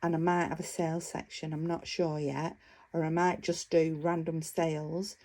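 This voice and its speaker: A woman's voice: deep voice, level tone, moderate pace, darkish tone. A woman vlogger chatting casually about her craft work, enthusiastic and rambling, with frequent fillers. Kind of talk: casual show-and-tell chat.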